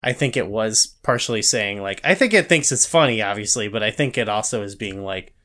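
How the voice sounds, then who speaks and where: A man's voice: on the low side, lively intonation, fairly quick, bright, forceful tone. Rambling man in casual podcast chat. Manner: rambling, full of "like", hesitant. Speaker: podcast co-host.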